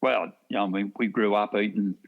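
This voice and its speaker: Middle-aged Australian man, low register, dull lo-fi audio, anecdotal. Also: steady tone, brisk, gravelly. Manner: rambling anecdotal, laughs often. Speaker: podcast guest, hunter. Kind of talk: casual storytelling chat.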